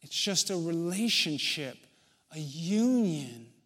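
A man preaches in a church sanctuary, his voice sitting notably high for a man. He takes his time, pausing between phrases. At points he builds to emphatic, ringing declarations. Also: expressive, a bit bright. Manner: measured, rising to emphatic in passages, with long pauses. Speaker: pastor. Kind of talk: sermon.

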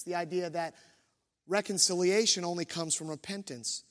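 Male pastor, thirties, high voice, self-deprecating storyteller, church hall with long reverb. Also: fairly even intonation, moderate pace, fairly bright tone. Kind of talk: sermon with personal story.

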